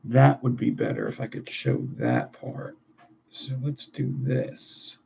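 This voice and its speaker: A creaky, warm mid-range voice, very animated but slow-paced, belongs to a man building vape coils on a livestream and chatting profanely and casually with viewers. Expect dull, lo-fi sound with faint background noise.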